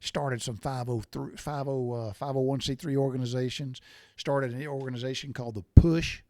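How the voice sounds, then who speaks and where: A man's voice: medium pitch, fairly even intonation, moderate pace, mellow, no room sound, studio quality. A middle-aged man hosts his own podcast, talking bluntly and repetitively as he gets worked up about what annoys him. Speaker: podcast host. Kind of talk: opinionated solo podcast rant.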